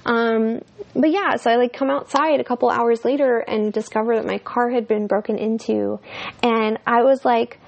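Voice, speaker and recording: A young woman with a slightly high voice and a lot of vocal fry tells a personal story on her podcast. She talks in a candid, rambling way, full of fillers and casual swearing. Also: fairly even intonation, normal speed. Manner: chatty and candid, many fillers, swears freely. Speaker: podcast host.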